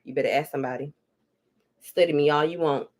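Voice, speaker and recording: A woman's voice: deep voice, fairly even intonation, a little fast, darkish tone. A woman vlogger ranting candidly while she cooks in her home kitchen, blunt and heavy on profanity. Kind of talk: candid rant while cooking.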